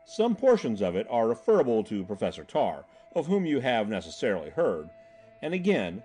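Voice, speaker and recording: A man's voice: mid-range voice, darkish tone. Suave elderly director in a storybook, put on by a male reader, confiding and genial.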